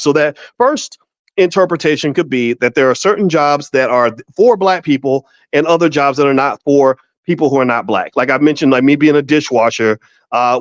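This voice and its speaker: A man hosting his own show talks off the cuff in a casual monologue, often tripping over repeated words as he goes. His voice sits on the higher side for a man. The recording is dry and a bit dull. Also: no room sound. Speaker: podcast host, finance professor.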